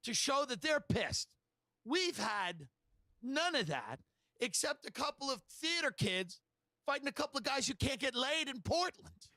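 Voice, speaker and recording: A man's voice: very high-pitched, very animated, measured pace, sharp tone, no room sound. A man delivering a sarcastic comedic rant in a mocking, incredulous tone, firing off rhetorical questions. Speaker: comedian on a podcast clip.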